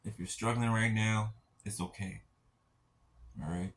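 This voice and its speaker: This spiritual speaker, a soft-spoken man with a somewhat low voice, addresses his viewers directly in a heartfelt talk of encouragement. His intonation stays fairly even as he reassures them in halting, gentle phrases, often checking in with a quiet "right?"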